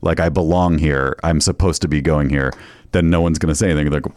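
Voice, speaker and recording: A man's voice: a bass voice, steady tone, fast, darkish tone, no echo. A man co-hosting a casual podcast chat, mostly listening and throwing in short reactions and dry asides. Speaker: podcast co-host.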